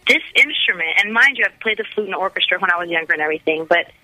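A woman's voice: on the low side, lively intonation, racing, sharp tone, no room sound, low-quality recording. A woman from the United States, a musician guest on a radio interview, talking in an enthusiastic, gushing way with lots of restarts. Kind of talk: casual radio interview chat.

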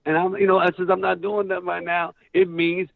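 A middle-aged man spins a story in an interview, casual and animated, jumping into other voices as he goes. His sound is dry and squeezed down to a tinny, phone-like band. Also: sits high, brisk, vocal fry, dry recording. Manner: animated, acts out quoted voices loudly. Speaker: actor guest.

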